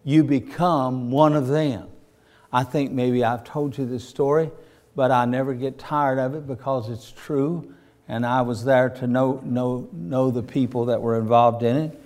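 A man's voice: medium pitch, fairly even intonation, a little slow, a little mellow. A man preaching a sermon, telling stories in a folksy way and rising to fervent emphasis. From Virginia, USA.

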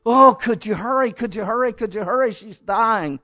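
A man's voice: sits high, normal speed, bright, forceful tone, voice pushed up. Frantic pleading father played by a man preacher, urgent. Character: desperate pleading father of a dying girl.

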